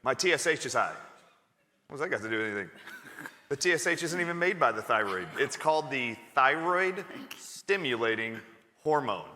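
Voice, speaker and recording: Emphatic man with bright voice. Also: mid-range voice, lively intonation, fairly quick, big-room sound. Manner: emphatic and incredulous. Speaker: practitioner on a panel. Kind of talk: live conference panel talk. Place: conference stage.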